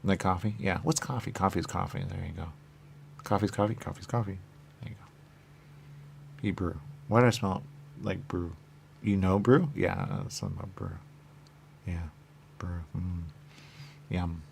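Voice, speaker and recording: A man's voice: sits low, big pitch swings, normal speed, gravelly, pauses often, slight background noise. A man in a rambling, repetitive monologue, muttering questions and then answering them himself. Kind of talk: rambling stream-of-consciousness monologue.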